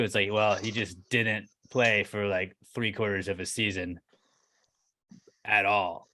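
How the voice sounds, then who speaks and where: A man's voice: lowish voice, flat delivery, normal speed, sharp tone. A man co-hosting a podcast in casual chat, ranting bluntly and profanely. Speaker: podcast co-host.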